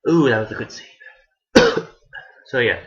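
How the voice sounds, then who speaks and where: A man talks through an anime plot in a loose, rambling review. His voice sits at an ordinary mid pitch, and he restarts his sentences and swears casually. The recording is dull and lo-fi. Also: huge pitch swings, a little slow, fairly bright tone.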